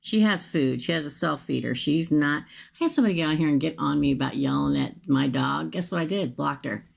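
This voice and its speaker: A woman's voice: low-pitched, brisk, creaky. A woman tarot reader, chatting casually and folksily with viewers during a livestream reading.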